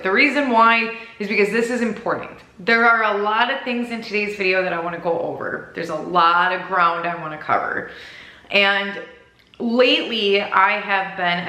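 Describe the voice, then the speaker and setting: A woman's voice: mid-range voice, pushed and bright, echoey room, rough recording. A woman from Minnesota with a Minnesota accent, chatting and rambling to camera in a vlog, giggling at herself. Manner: rambling, giggly, self-deprecating. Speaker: vlogger.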